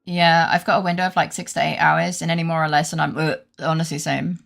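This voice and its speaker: A British woman talks to her live viewers in a loose, rambling way, swearing freely and poking fun at herself. Her voice is bright and sharp, with a gravelly crackle at the ends of phrases. Soft music plays quietly behind her. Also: low-pitched, flat delivery, quick pace. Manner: rambling, sweary, self-deprecating, laughs often. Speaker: live streamer. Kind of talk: casual chat with live viewers.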